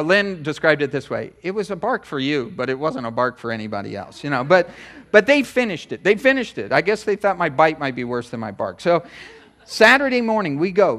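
A middle-aged man preaching a sermon, telling a personal story in a chatty, animated way with many asides. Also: fairly high pitch. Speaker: pastor. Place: church sanctuary.

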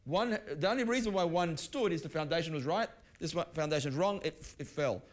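A middle-aged male pastor delivers a teaching sermon in a fairly high voice. He talks conversationally, stumbling and restarting lines as he works through personal stories and scripture. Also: lively intonation, fairly quick.

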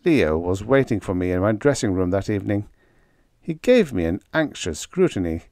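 A man narrating a humorous story in the first person, with a wry, deadpan manner. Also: fairly low pitch, moderate pace, no room sound, studio quality. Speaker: audiobook narrator.

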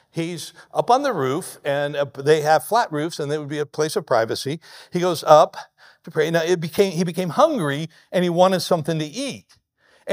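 A man pastor preaching a sermon, telling the story lively and acting out the people he quotes. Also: high voice.

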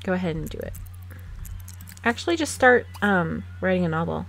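A woman's voice: fairly low pitch, lively intonation, normal speed, gravelly, a bit bright, a little hiss or hum. A woman casually commenting on her life-simulation game, playful and sassy, laughing often as she bosses her characters around. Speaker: gaming channel host. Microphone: desk microphone.

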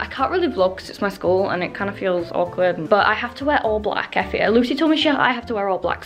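A woman chatting in a casual vlog, gushing and excitable. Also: a little high. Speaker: vlogger.

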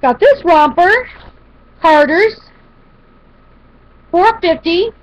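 A woman's voice: very high voice, animated, very slow. A woman chatting casually to camera as she shows a shopping haul, rambling with fillers and restarts. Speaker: vlogger showing a shopping haul. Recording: dull lo-fi home video audio.

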